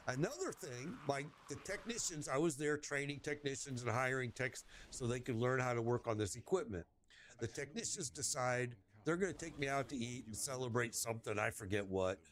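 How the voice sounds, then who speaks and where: A man telling a rambling, animated story in casual chat while gaming, swearing casually along the way. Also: mid-range voice.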